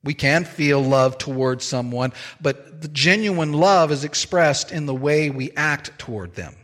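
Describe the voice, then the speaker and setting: A man preaching a sermon in a measured, emphatic way, stressing key phrases slowly. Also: a little high, a bit bright, big-room sound.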